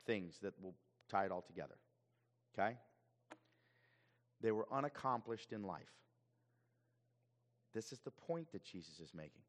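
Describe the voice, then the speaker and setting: A male pastor preaching a sermon in an animated way, often repeating words as he goes. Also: on the low side, big-room sound.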